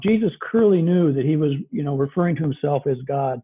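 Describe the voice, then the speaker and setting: A man's voice: fairly high pitch, a little fast, breathy edge. A man preaching a sermon over a video call, talking in an earnest, conversational way with many fillers. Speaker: pastor. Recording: tinny lo-fi video call audio.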